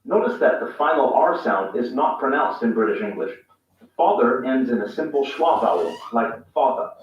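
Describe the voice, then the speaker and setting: A man teaches in a scripted, measured way, setting out each point with clear examples. His voice arrives from well off the mic, wrapped in heavy room echo. The sound is dull and muffled, as if a video is being played through speakers. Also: medium pitch, sing-song, distant mic, a little hiss or hum. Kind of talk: scripted explanatory lesson.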